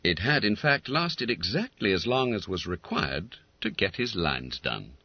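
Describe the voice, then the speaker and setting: A man narrating an audiobook in a comic, animated storytelling manner, on a dull lo-fi recording. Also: sits low, measured pace. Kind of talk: scripted narration.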